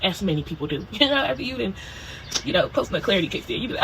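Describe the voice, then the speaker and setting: A woman telling a personal story for her video diary in a casual, animated way. She swears freely and keeps checking in with "you know" and "okay?". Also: mid-range voice, racing, vocal fry, slight background noise, rough recording. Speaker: spiritual video diarist.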